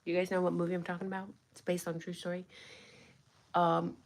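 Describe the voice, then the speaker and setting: A woman's voice: fairly low pitch, completely flat delivery, a little fast. A young adult woman giving blunt, sarcastic true crime commentary in a casual livestream, swearing freely.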